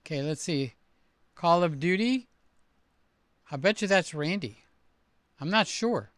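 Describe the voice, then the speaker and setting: An older man hosting a casual livestream, chatty and excitable as he reads out comments and gives shout-outs. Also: on the high side, a little slow, dry recording. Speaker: livestream host.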